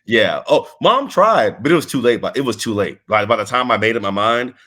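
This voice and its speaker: A man's voice: lowish voice, quick pace, pushed and bright. A man from Texas, a wrestler as interview guest, talking in a laid-back, rambling way with restarts and laughs. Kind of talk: casual interview chat.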